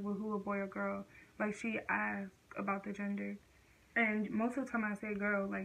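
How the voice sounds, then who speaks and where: Teen girl rambling thru a storytime vlog, lots of "like", pretty monotone. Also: mid-range voice, slight background noise, poor audio. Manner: casual slangy storytelling, many fillers. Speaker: vlogger. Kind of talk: casual storytime.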